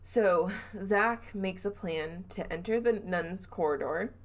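Woman podcast host, lower-pitched, chatty storyteller who laughs and trails off a lot. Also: slow. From Southern US. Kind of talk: casual storytelling chat.

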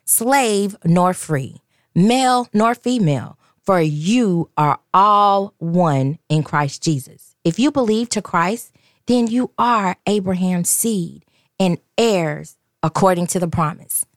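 A woman's voice: on the low side, expressive, takes it slowly, dry recording, studio quality. A woman co-hosting a faith podcast, exuberant and preacherly, reading scripture and encouraging listeners. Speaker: podcast co-host.

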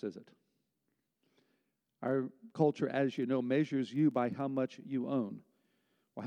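A pastor preaching a sermon, conversational and emphatic, with rhetorical questions to the congregation. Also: male voice, medium pitch, dark tone, big-room sound, muffled recording.

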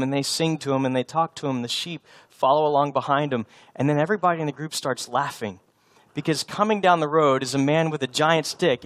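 A man's voice: on the high side, a bit bright, no room sound. A man in his thirties preaching a sermon as a pastor, telling stories with humor and a slightly congested voice. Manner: storytelling with humor, frequent restarts. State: slightly congested from a sinus infection. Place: church sanctuary.

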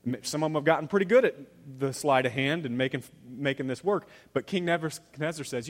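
A man preaching a sermon as a pastor, telling a scripture story with lively acted-out lines. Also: mid-range voice, brisk, big-room sound. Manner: animated storytelling, acting out characters' lines.

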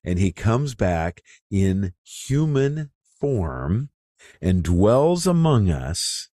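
A man giving an informal, conversational Bible teaching as a pastor, with many fillers and bursts of excitement. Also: fairly low pitch, drawn-out words, dry recording, clean studio sound.

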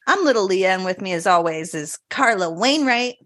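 A woman's voice: on the low side, animated, a little fast, fairly bright tone, dry recording, studio quality. A woman co-hosting a podcast in casual chat, playful and giggly with bawdy jokes. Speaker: podcast co-host.

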